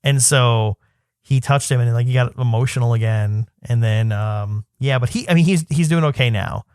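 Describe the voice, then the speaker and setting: A man in his thirties chats casually as a podcast co-host, winding through a story with lots of fillers and restarts. His voice sits at an ordinary middle pitch, and the recording is close and dry. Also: moderate pace, darkish tone, clean tone, no room sound. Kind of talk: casual chat.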